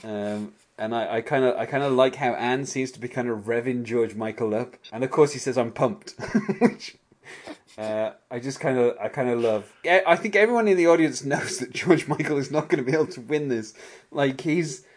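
A man's voice: medium pitch, normal speed. A man hosting a casual podcast chat, rambling and hedging a lot, often breaking into small laughs.

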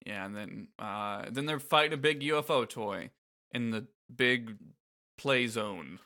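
Brief: man, sarcastic podcast co-host, bright tense voice, casual. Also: medium pitch, unhurried. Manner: wry, sarcastic, swears casually. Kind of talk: casual recap chat.

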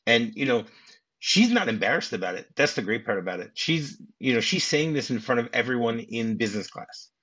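A man's voice: mid-range voice, lively intonation, fairly quick, pushed and bright, husky. A man hosting a podcast, discussing a film in a casual way, chuckling often and restarting his sentences. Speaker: podcast host. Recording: dull lo-fi audio.

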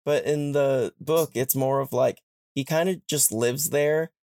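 A man's voice: medium pitch, vocal fry, dark tone, dry recording. A young man hosts a podcast, retelling a plot in a loose, chatty way. His voice sits in a middle register. The sound is dry and close, with no room around it. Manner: retells the plot with quick put-on character voices. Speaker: podcast host. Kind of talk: casual chat, retelling a story.

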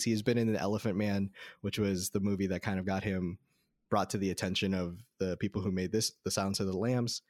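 On a podcast, a co-host with a lowish voice chats casually about a film, rambling with many fillers and restarts. His voice sounds close and dry, with no room sound.

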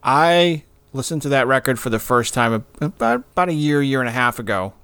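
A man in his forties chats on a podcast in a dry, joking way, quick to lodge playful protests. His voice sits at an ordinary middle pitch. The sound is dry and close, with no room around it. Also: sing-song, fairly bright tone, smooth, dry recording. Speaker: podcast co-host. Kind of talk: casual chat.

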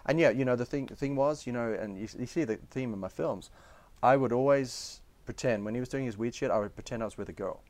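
A man guesting as a film director, telling a candid personal story in a halting way and often repeating words as he restarts. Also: mid-range voice, darkish tone, no echo.

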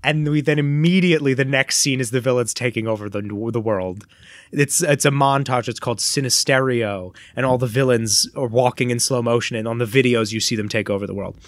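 This co-host's mid-range voice moves a little fast on a dry recording. Chatting casually on the podcast, he spins a long, energetic tale and voices the quoted lines of each person involved.

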